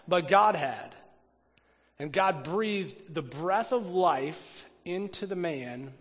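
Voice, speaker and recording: A man preaching a sermon as pastor, talking animatedly, swinging from loud emphasis to hushed, near-whispered lines and often repeating words as he thinks aloud. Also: sits high, big-room sound.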